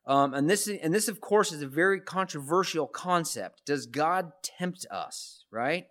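A man with a slightly higher voice preaches to his congregation. He talks in a loose, conversational way, restarting phrases and tossing out rhetorical questions. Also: lively intonation, a little slow, fairly bright tone. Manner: conversational, repeats words and asks rhetorical questions. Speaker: pastor. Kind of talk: sermon.

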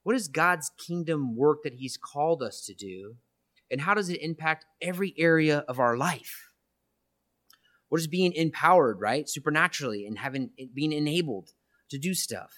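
A man's voice: fairly high pitch, expressive, moderate pace, fairly bright tone. A church minister preaching an earnest, reflective testimony, often checking in with his listeners with "right?". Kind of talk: sermon-style testimony.

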